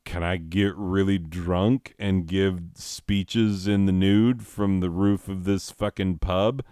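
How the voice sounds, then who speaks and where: A man voicing a lazy, hedonistic old-time king in a stand-up comedy bit, tossed off in a low, smooth voice. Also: fairly even intonation, slow pace, dark tone, no room sound, studio quality. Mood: casual.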